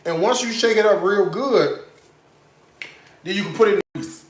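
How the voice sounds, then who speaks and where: A high-voiced man at normal speed runs a live cooking show that doubles as a sales pitch, addressing viewers directly with sass and chatter. He keeps tagging lines with "okay?" to check in, and the echoey room carries faint noise.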